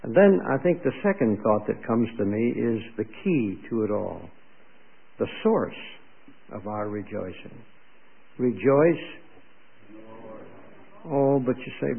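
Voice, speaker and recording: A man's voice: medium pitch, lively intonation, measured pace, gravelly, pauses often, husky. A man preaching a sermon in a conversational way, putting questions to his congregation, heard on a tinny lo-fi radio broadcast.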